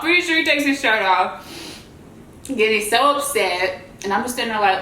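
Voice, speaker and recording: A woman vlogger telling a story in a chatty, animated way while she eats, and she calls her viewers y'all. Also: mid-range voice, moderate pace, reverberant, slight background noise, poor audio. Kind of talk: casual storytelling while eating.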